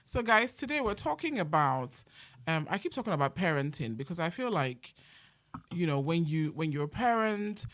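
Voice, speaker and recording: Woman podcast host, animated, bright tone, dry sound. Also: on the low side, normal speed, no echo. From Nigeria. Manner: chatty, laughs often. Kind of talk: casual chat. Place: home in the UK.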